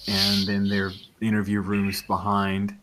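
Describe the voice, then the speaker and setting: A man narrating as game master of a tabletop role-playing game in a relaxed, meandering way. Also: on the low side, a little slow, very noisy.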